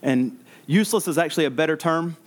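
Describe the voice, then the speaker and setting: A man's voice: on the high side, quick pace. A man preaching an expository sermon, earnest, repeating words and restarting as he explains.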